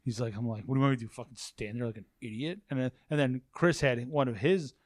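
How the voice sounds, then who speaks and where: A man talking casually in a dry, close-sounding room, his pitch sitting in an ordinary middle range. He rambles through stories, swears freely, and restarts his sentences again and again. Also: fast, no echo. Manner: rambling storyteller, swears, repeats himself. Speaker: podcast guest, warehouse manager. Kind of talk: casual chat. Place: office at a work facility.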